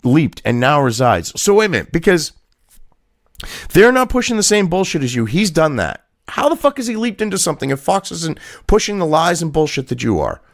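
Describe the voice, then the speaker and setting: A man's voice: high-pitched, very animated, a little fast, gravelly, no room sound, clean studio sound. A man, hosting a profane rant reacting to a news article, angry and mocking and swearing constantly. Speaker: political commentary host.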